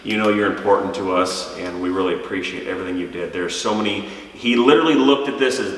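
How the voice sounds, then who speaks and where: A low-voiced man in his thirties chats earnestly about his family's new home. His voice rings around a bare, echoey room with a long tail. He sounds far from the camera. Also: fast talker, hardly any pauses. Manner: earnest, thankful, chatty. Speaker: vlog host. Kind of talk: casual family vlog chat. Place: large empty house, indoors.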